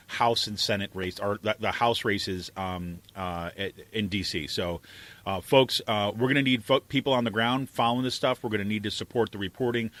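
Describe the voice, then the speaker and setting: Low-voiced man hosting a political podcast. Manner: animated, laughing, loose. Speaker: podcast host and editor. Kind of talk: casual political talk show.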